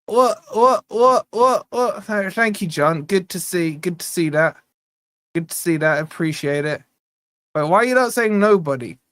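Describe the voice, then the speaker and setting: A man's voice: a little high, moderate pace, fairly bright tone, no echo. A young man hosting a live football watch-along, bantering with the chat and reading out donation messages in a jokey way. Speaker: fan channel host.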